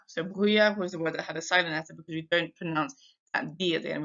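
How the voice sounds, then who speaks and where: A woman French teacher giving a recorded lesson, reading sentences slowly and twice for dictation and explaining silent letters. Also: sits low, sharp tone, muffled recording. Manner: slow, carefully spaced dictation in French.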